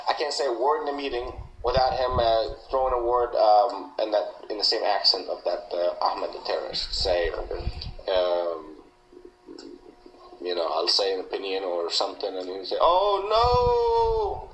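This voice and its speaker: A man's voice: deep voice, fairly even intonation, normal speed, fairly bright tone, highs cut off. A man from Malaysia giving an earnest, emphatic account in a recorded interview, often repeating and restarting his words. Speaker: interviewee, former coworker. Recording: echoey room recording with faint noise.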